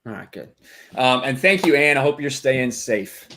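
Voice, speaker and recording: A man's voice: medium pitch, expressive, moderate pace, sharp tone. A man hosting a charity live stream with a mid-range voice. He reads out donations and thanks people in an easygoing, slightly hesitant way. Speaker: host.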